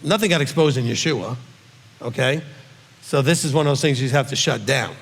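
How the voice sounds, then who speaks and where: A man's voice: mid-range voice, fairly quick, slightly rough. A middle-aged man teaching as a rabbi in a question-and-answer session, emphatic and checking in often with his listeners. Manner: emphatic, with frequent "okay?" check-ins. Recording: long hall reverb.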